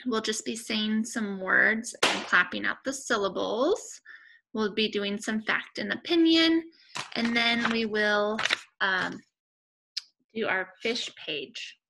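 A young woman teaching a remote lesson to young children, speaking patiently and clearly with pauses between words. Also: medium pitch, noisy background.

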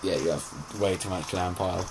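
A man casually coaching a friend through a horror game, jumping between calm tips and sudden excited yelps. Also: sits low, normal speed, noisy background. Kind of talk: casual gaming chat.

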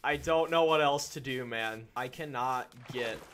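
Slow-talking silly gamer guy chatting to his game, noisy recording behind him. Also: medium pitch, a bit bright. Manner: goofy, talks to game animals and mobs, panicky outbursts. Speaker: gaming channel host. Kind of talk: let's play commentary.

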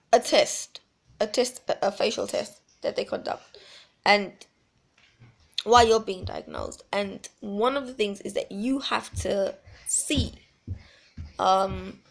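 Woman in her 30s ranting to camera, blunt, lots of vocal fry. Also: mid-range voice. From South Africa. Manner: blunt, rambling, emphatic. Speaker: vlogger. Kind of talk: casual talk to camera.

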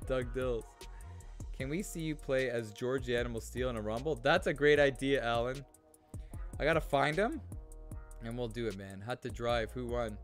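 A man's voice: mid-range voice, normal speed, faint music behind. Chatty man hosting a game stream. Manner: chatty, reads viewer comments aloud, laughs often. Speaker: gaming livestream host. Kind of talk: casual live-stream chat.

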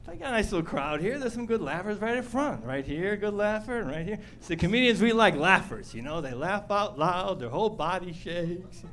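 Animated middle-aged male stand-up comic. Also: sits high, a little fast, hardly any pauses, a little hiss or hum. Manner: animated, acts out characters. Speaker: comedian. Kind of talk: stand-up comedy. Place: comedy club stage.

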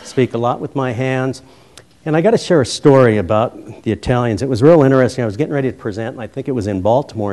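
A middle-aged man from Colorado, a former high school principal, giving a keynote speech at a conference and telling humorous stories full of acted-out dialogue. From Colorado, USA. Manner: humorous, animated storyteller who acts out dialogue. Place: conference hall. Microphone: roving handheld mic.

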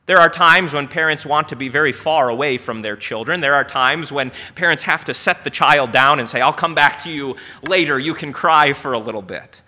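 Bright-voiced pastor preaching a sermon. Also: male voice, on the high side, moderate pace, few pauses. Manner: storytelling, asks the congregation questions. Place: church.

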